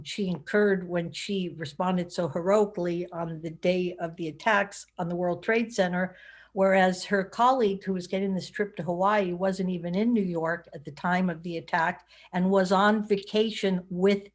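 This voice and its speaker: A middle-aged woman from California, an author giving a talk, telling a lively anecdote in a conversational way with plenty of fillers. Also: fairly low pitch. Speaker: guest speaker, author. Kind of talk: storytelling talk.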